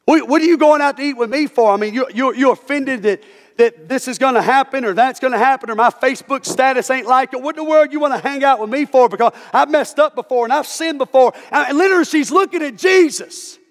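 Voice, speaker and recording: A man's voice: very high voice, fast. A male pastor delivering an impassioned sermon, often repeating "listen to me" as he builds up. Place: church sanctuary. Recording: reverberant church hall with music.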